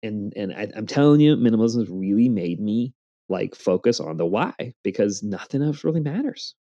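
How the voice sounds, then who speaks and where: A man's voice: on the low side, lively intonation, normal speed, mellow, highs cut off. A man in his forties telling earnest stories in a casual interview, with a motivational tone. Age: 40s. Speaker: podcast guest.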